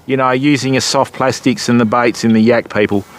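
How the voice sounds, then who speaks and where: A man's voice: mid-range voice, fairly even intonation, fairly quick. A middle-aged Australian man chatting casually to viewers on a livestream while fishing from a kayak on a river, calling people mate and bud.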